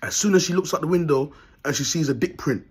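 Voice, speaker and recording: A man's voice: on the high side, fast talker, breathy edge. A man, vlogging in a blunt, rambling monologue full of street slang and frequent laughter. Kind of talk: casual monologue to camera.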